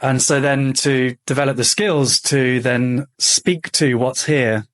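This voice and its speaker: A man's voice: medium pitch, fairly even intonation, slow, fairly bright tone. A man hosting a podcast, sharing personal experience in an earnest, thoughtful way. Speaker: podcast host.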